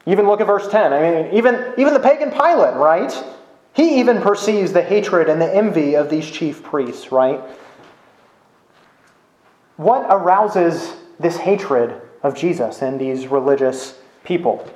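Speaking unhurriedly with lively intonation, this man has a slightly high, somewhat mellow voice. He's a pastor delivering a sermon in a chatty way, often checking in with "right?", and the recording sounds echoey.

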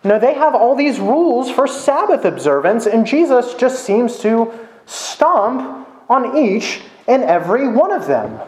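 A man's voice: very high-pitched, big pitch swings, unhurried, a little mellow. A man preaching a sermon as a pastor, talking conversationally and often asking "right?". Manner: conversational, with frequent "right?" tag questions. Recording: echoey room.

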